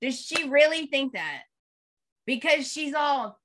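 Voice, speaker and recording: A woman's voice: high-pitched, animated, takes it slowly, fairly bright tone. A woman co-hosting a casual chat, talking expressively with emphatic questions. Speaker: co-host. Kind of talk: casual chat about a soap opera.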